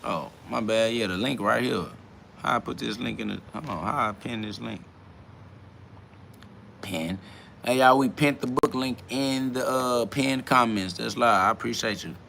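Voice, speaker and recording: Unhurried and creaky, his mid-range voice sits against a noisy background. A man in his twenties hosts a podcast, wandering through a casual, profane, slangy monologue as he reads the chat aloud, with plenty of "you feel me" fillers.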